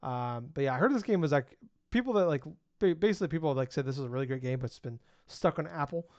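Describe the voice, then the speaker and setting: A man's voice: mid-range voice, animated, fast talker, a little mellow, no room sound. A man co-hosting a podcast in casual chat, running through news items with lots of ums and uhs. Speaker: podcast co-host. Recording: dull, lo-fi and very dry.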